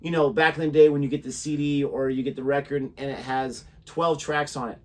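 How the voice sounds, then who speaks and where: A man co-hosting a music reaction show, chatting in a relaxed, conversational way and sharing trivia. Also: medium pitch, a little fast. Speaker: reaction channel co-host. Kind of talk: casual chat.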